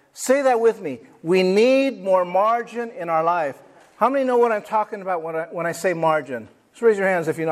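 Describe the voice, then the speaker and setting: A male pastor delivers a sermon in a notably high voice. He speaks straight to the congregation and slips into the voices of everyday people as he makes his points. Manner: lively, talks to the congregation and acts out quoted people. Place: church.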